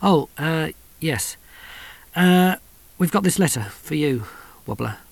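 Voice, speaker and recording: A man's voice: fairly high pitch, lively intonation, takes it slowly, creaky, full character voice. A man doing a hesitant teenage boy.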